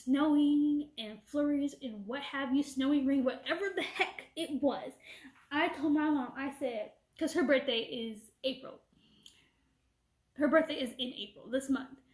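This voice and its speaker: High-voiced woman ranting in an echoey room. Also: a little slow. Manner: animated retelling with quoted back-and-forth. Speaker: vlogger. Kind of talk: casual storytime rant.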